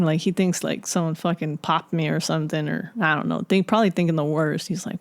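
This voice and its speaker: A woman with a lowish voice tells a personal story in loose, casual podcast talk. She swears often and piles on filler words as she rambles along. Her voice is close and dry, with no room sound. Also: normal speed, darkish tone, no echo. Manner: profane, rambling, full of fillers. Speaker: podcast guest.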